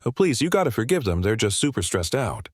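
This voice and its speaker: A man reading the lines of a weary old village grandfather who speaks deadpan. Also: medium pitch, fairly quick, slightly rough, no echo, clean studio sound.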